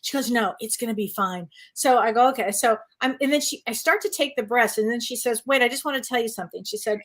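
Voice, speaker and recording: A woman co-hosting a talk show as a psychic medium, telling stories in an animated, laughing way. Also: fairly high pitch, fast. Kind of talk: casual storytelling chat.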